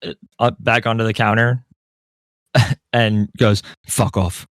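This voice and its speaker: A man's voice: fairly low pitch, flat delivery, takes it slowly, fairly bright tone, clean tone, dry recording, studio quality. A man playing a tabletop game, describing his character's actions in a laid-back way. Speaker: player. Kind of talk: casual play.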